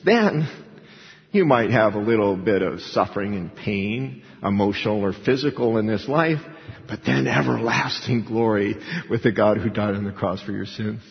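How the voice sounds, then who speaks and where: Man, pastor; lively sermon delivery that acts out quoted voices; long hall reverb, muffled lo-fi sound. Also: lowish voice. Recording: dull lo-fi recording with hall reverb.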